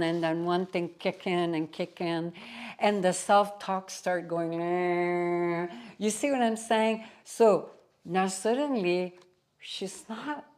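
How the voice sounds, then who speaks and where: A woman spiritual teacher giving a devotional satsang talk, telling a story to teach, with emphatic asides. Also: lowish voice.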